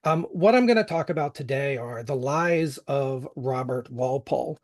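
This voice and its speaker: A man's voice: medium pitch, expressive, moderate pace, a little mellow. A middle-aged American man with a faint Western Pennsylvania accent, a history podcast host giving a casual, joking conference talk full of fillers. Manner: joking, self-deprecating, many fillers.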